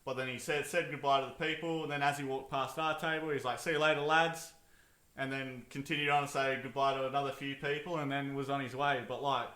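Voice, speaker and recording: A man's voice: mid-range voice, fairly even intonation, fast, few pauses, sharp tone, echoey room. A man telling a story on a casual podcast, rambling with plenty of ums and likes. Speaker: podcast co-host.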